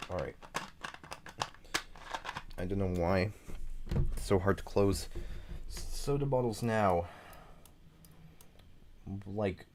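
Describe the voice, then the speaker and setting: A level creator on stream, this man speaks slowly with long pauses in a low, slightly mellow voice touched by a faint Southern US twang. He chats and rambles while building a game level, tossing in apologies for drifting off track, over slight hiss or hum.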